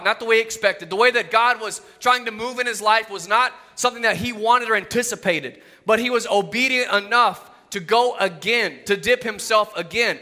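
Guy preaching hard, high bright voice, lots of rhetorical questions, big hall echo. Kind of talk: sermon.

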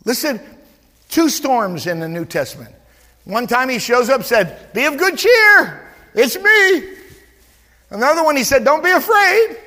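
A male pastor preaching a sermon in a church, animated and full of stammered restarts as he acts out quotes. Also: very high-pitched, big-room sound.

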